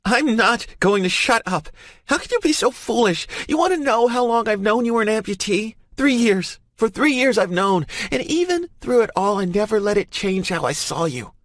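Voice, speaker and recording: A man voicing a fierce, stubborn young woman who talks in a loud, cutting, high-pitched way in an audiobook. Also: moderate pace, no room sound. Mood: furious.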